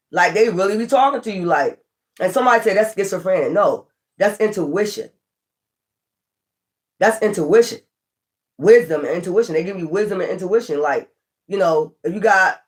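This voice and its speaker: High-voiced, preachy male tarot reader. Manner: preachy, profane, repeats catchphrases. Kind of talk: casual spoken tarot reading.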